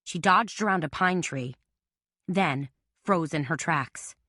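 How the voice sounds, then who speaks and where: Bright, dry-voiced woman narrator. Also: deep voice, slow, no room sound. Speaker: audiobook narrator. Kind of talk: scripted narration.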